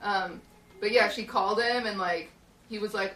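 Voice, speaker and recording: A bright, forceful woman's voice of medium pitch moves at an ordinary pace while a young streamer rambles through a story with lots of fillers. The hot little shed she uses as a podcast studio sounds roomy through the distant mic.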